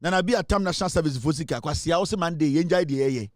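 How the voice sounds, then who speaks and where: A man's voice: on the high side, racing, darkish tone, dry recording, studio quality. A man with a Ghanaian accent in an angry, scornful rant, switching between English and Twi. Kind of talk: angry social media rant.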